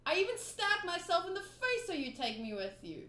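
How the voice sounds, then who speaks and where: A woman's voice: very high voice, sing-song, moderate pace, bright, forceful tone, pitched above the performer's own voice, exaggerated voice. A woman voicing an eager young boy who wants to be a pirate, reading his lines earnestly and insistently. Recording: roomy room echo.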